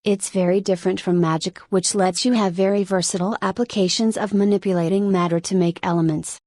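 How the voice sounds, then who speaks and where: A woman narrating a light novel audiobook in the first person with an even, steady delivery. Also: medium pitch, fairly quick, dry recording, studio quality.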